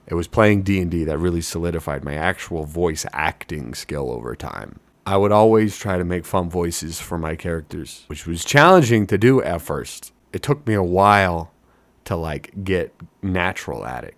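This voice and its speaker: A young man, a wedding DJ, talking in a casual, jokey, mock-boastful way about his deep announcer voice. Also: no room sound. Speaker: wedding DJ and hobby voice actor. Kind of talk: casual self-mocking vlog talk.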